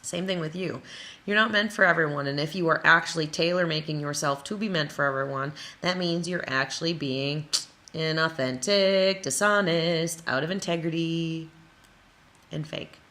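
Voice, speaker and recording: A woman from Wisconsin with a bright, forceful tone sitting a little low in pitch. She speaks as a motivational coach and builds her points in emphatic runs of repeated phrases. She drops in playful, silly asides along the way. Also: moderate pace. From Wisconsin, USA. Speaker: creative coach. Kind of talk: motivational talk to camera.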